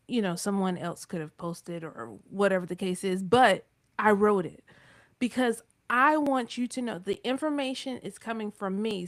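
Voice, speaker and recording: A woman's voice: mid-range voice, no echo, clean studio sound. A woman with a North Carolina Southern accent talking on a live business show, emphatic and acting out quoted speech in changing voices. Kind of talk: casual chat on a live broadcast.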